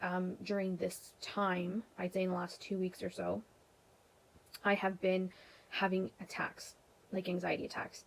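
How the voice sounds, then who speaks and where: A woman's voice: lowish voice, vocal fry, rough recording. A young woman from Canada talking casually to camera for her vlog, rambling a little and filling gaps with ums and you-knows. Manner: chatty, rambling, many ums and restarts. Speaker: vlogger.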